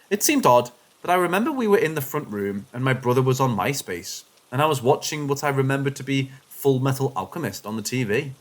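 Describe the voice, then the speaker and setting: A man giving scripted, expressive narration of first-person paranormal stories, shifting his delivery with the suspense. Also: medium pitch. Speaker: story narrator.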